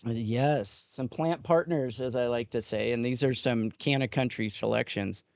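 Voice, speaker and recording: A man interviewed as a guest on a podcast, explaining his work in a reflective, unhurried way. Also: mid-range voice, gravelly, dry recording. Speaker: guest cannabis grower. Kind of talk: casual interview talk.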